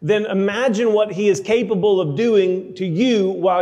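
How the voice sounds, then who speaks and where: A man preaching a sermon, emphatic, slowing down to read scripture aloud. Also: sits high, mellow, long reverb tail, highs cut off. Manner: emphatic, slows for scripture readings.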